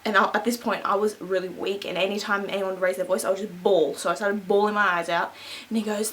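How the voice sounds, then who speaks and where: A woman's voice: mid-range voice, fairly even intonation, quick pace, a bit bright. A young woman telling a rambling, chatty story at home, keeping her voice down and laughing between asides. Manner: keeps voice down so as not to wake someone. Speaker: beauty vlogger. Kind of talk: casual storytime.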